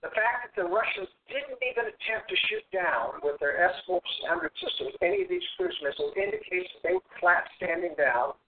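A man's voice: sits high, sing-song, moderate pace, hardly any pauses, slight background noise. A male guest, a former officer, speaking assertively and emphatically on a political talk show. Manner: assertive, emphatic, matter-of-fact. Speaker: guest, military veteran. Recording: tinny phone-line audio.

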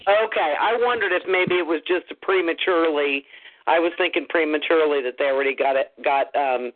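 A man with a somewhat high voice rambles through his point on a call-in show, breaking into laughs. The line is thin and tinny, like a phone. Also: fairly quick. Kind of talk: casual call-in chat.

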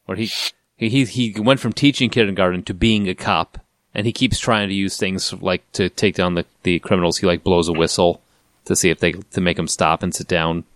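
A man's voice: low voice, steady tone, moderate pace, fairly bright tone, no echo. A man hosting a casual podcast with blunt, dry humor. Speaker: podcast host.

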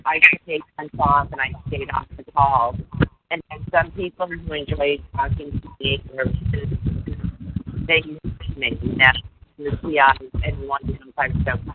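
A woman calling in to a show, earnest, repeating her points and stumbling on her first words. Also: low-pitched. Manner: earnest, repeats herself, stammers on starts. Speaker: caller. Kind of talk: call-in conversation. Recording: noisy phone line.

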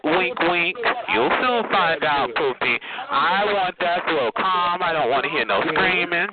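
A man's voice: high voice, expressive, moderate pace, heavy background noise. A man on a phone chat line, talking in a sassy, condescending way and calling the other caller baby and honey. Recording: tinny phone line with loud crowd.

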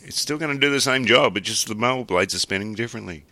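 A man's voice: mid-range voice, fast talker, no echo. An Australian man co-hosting a podcast, joking and laughing through casual banter. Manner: joking, lively, laughs often. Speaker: podcast co-host.

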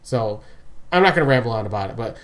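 A man's voice: medium pitch, animated, fast talker, fairly bright tone. Rambling man on a podcast. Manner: rambling, laughs often, trails off mid-sentence. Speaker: podcast co-host. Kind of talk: casual chat. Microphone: remote call. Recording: remote call audio.

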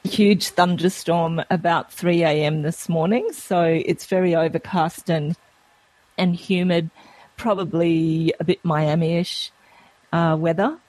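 Australian woman, radio guest, unhurried and friendly, dry close sound. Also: on the low side, steady tone, darkish tone, dry recording. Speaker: guest, medical intuitive. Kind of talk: phone-in interview.

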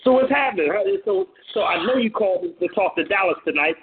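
A man hosting a call-in radio show as DJ, playful and animated, hyping up callers and listeners. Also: high-pitched, fast talker. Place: home studio on a phone-in internet radio show. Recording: tinny phone-line audio.

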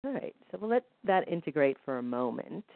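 A woman leading a guided healing session, gently counting rhythms aloud. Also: sits low, sing-song, fairly quick, creaky, dry recording. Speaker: energy healing practitioner. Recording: dry, tinny phone-like line.

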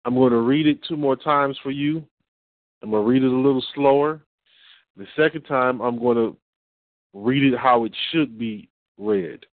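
A man's voice: medium pitch, no echo. Emphatic preaching man, tinny sound. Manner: emphatic, repeats and reads slowly for stress. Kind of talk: preaching lecture. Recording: tinny phone-like audio.

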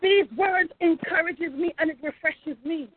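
High-voiced woman preaching over a phone line. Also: a little slow, no echo. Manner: fervent, repeats phrases, calls out praise. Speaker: pastor.

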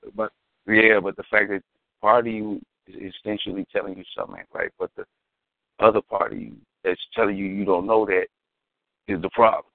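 A creaky, fairly low male voice delivers stories flatly and a little fast during a casual podcast chat, sounding slangy and emphatic as a co-host. No room sound comes through, and the recording is dry and lo-fi, like a phone.

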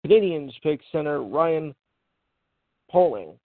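A man's voice: a little high, expressive, slow. A man hosting a casual sports show, reading draft picks and tripping over hard names with offhand asides. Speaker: podcast host reading sports news. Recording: tinny phone line.

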